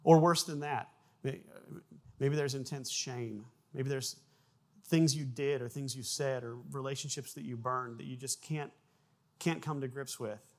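A man preaching a sermon, animated, with frequent repeated words and acted-out sound effects in his stories. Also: mid-range voice, unhurried. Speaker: pastor.

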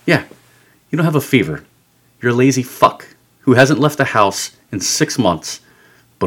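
A man's voice: mid-range voice, lively intonation, unhurried, pauses often, a bit bright, husky. A man hosting a podcast, delivering an angry, sarcastic rant full of swearing. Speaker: podcast host. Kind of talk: profane comedic rant. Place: home studio.

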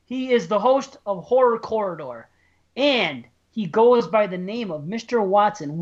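Breathless excitable male podcast co-host. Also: sits high, unhurried. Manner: excitable, joking, laughs easily. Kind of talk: casual banter. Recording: dull lo-fi sound.

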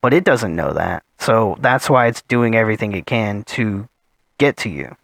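A man's voice: on the low side, animated, normal speed, vocal fry, fairly bright tone, dry recording. A man co-hosting a casual podcast chat, telling things in a dramatic, teasing way. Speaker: podcast co-host.

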